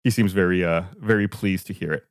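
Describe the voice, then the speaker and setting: A man narrating as game master in a casual tabletop game, relaxed and halting. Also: low-pitched, clear, resonant tone, dry recording, clean studio sound.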